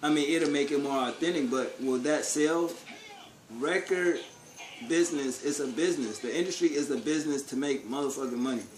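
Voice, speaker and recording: A man's voice: fairly high pitch, a little fast, a little hiss or hum. A man vlogging a casual opinion rant, blunt and profane, full of street slang and rhetorical questions. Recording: echoey room with faint ambience.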